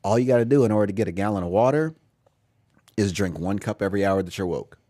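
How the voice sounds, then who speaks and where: Male podcast co-host, lowish voice, dry close mic, blunt storyteller. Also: fast, dark tone, no room sound. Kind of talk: casual chat.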